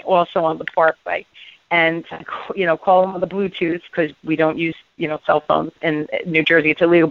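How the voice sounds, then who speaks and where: A woman's voice: lowish voice, no echo. A woman hosting a radio interview, an enthusiastic, upbeat storyteller who chats casually with her guest. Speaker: radio show host. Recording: tinny phone-like line, dry.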